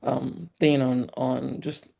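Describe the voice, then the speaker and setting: Woman with a Nigerian accent, animated. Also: rumbling low, takes it slowly, gravelly. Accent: Nigerian, polished by years in the US. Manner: animated and emphatic, laughs often. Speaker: guest. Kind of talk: casual conversation.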